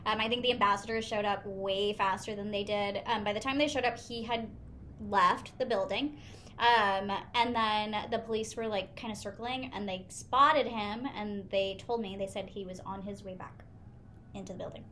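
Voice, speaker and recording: A woman's voice: mid-range voice, steady tone, normal speed, a bit bright, slight background noise. A young woman co-hosting a podcast, chatty and casual as she tells her own stories. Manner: chatty, laughs through stories. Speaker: podcast co-host. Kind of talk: casual chat.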